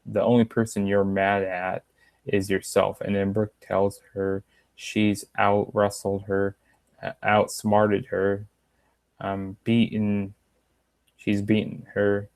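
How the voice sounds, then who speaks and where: A man's voice: fairly low pitch, monotone, slow pace, a little mellow, no room sound. A young man casually reviewing a wrestling show, rambling with many fillers and retelling lines in a slightly raised voice.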